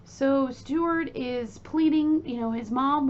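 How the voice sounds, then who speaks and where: A woman's voice: high voice, slow pace, hardly any pauses. A woman casually retelling a true crime case in blunt, informal language, on a dull lo-fi recording. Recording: dull lo-fi recording with faint ambience.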